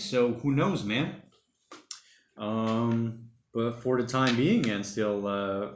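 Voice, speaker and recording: A man in his thirties hosting a casual solo livestream from home, reading viewer comments aloud and rambling as he thinks out loud. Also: fairly low pitch. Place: home during lockdown. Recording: roomy home room echo.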